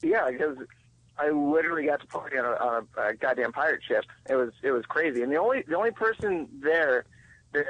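A man's voice: on the high side, expressive, quick pace, no room sound, dull audio. Hesitant man on a dry recording. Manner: hesitant, full of "uh" and "um". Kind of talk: casual chat.

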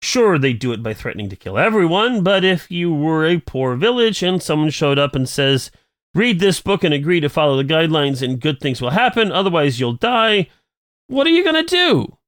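A man's voice: a little high, very animated, a little fast, fairly bright tone, no echo. A man co-hosting a podcast, reading a listener email aloud and chatting, with dry reactions. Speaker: podcast co-host.

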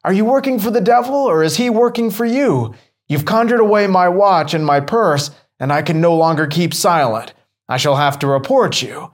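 A man's voice: mid-range voice, sing-song, moderate pace, natural voice. A man voicing a learned, prudent older priest who questions with courteous severity. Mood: indignant. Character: learned older male priest, stern then indignant.

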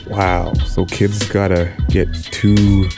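A man from Canada co-hosting a podcast, chatting casually and joking, with quick restarts and fillers. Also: deep voice, flat delivery, music in the background. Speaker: podcast co-host. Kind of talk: casual chat.

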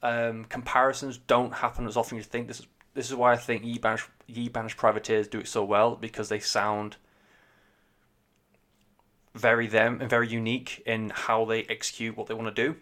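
A man's voice: medium pitch, level tone, fairly quick, a bit bright. A man giving a casual spoken album review, rambling, sweary and enthusiastic. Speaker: music reviewer.

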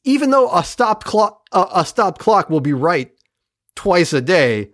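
A podcast host casually recapping a TV episode with heavy swearing and animated retelling. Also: mid-range voice, a little slow, no room sound, clean studio sound. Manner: profane, animated retelling of plot. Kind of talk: casual chat.

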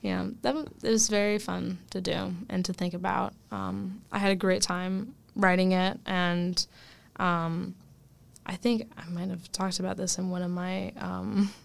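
A woman's voice: on the low side, little pitch movement, a little slow, creaky. A young woman, a first-year college student, talking casually in an interview, chatty with many fillers and laughs. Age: young adult. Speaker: student guest.

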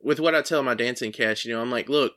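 A man with a bright, forceful voice hosts a podcast interview. He rambles and halts, restarting his sentences. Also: medium pitch. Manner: rambling, halting. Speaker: podcast host. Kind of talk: casual interview chat.

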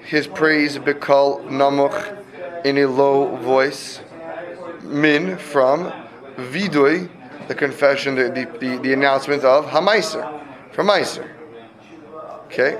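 A man teaching a classroom Talmud lesson, explaining step by step and checking in with students often. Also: a little high.

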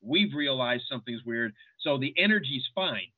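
A man's voice: medium pitch, lively intonation, normal speed. A man hosting a podcast, analyzing a film scene in a casual, thinking-aloud way. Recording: tinny phone-like line.

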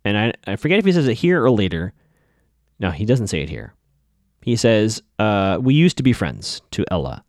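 A man talks through a TV episode in a loose, chatty podcast recap, and his pitch swings a lot as he goes. The sound is dry and close, with no room echo. He throws in skeptical, opinionated asides. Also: big pitch swings, moderate pace. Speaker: podcast host.

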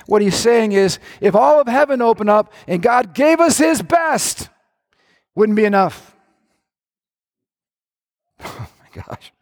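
A man preaching a sermon with passion, climbing to shouts and dropping into playful asides. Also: high-pitched, long reverb tail. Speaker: pastor.

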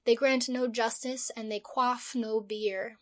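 Woman reading a pompous german art student guy, grand old-timey talk, kinda high. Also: steady tone, takes it slowly. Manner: grandiloquent, archaic phrasing.

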